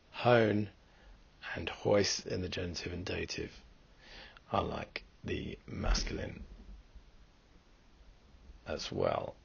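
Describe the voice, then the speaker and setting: Gravelly low-voiced man teaching. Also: no room sound, lo-fi sound. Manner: methodical, explains step by step. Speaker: Greek teacher. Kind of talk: recorded lesson walkthrough.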